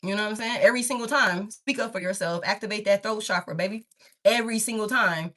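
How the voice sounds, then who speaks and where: A woman's voice: medium pitch, fast, a bit bright. A woman doing a casual tarot reading, talking straight to her viewers in a rambling, candid way and swearing freely. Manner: talks straight to viewers, calls them baby and y'all. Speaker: tarot reader.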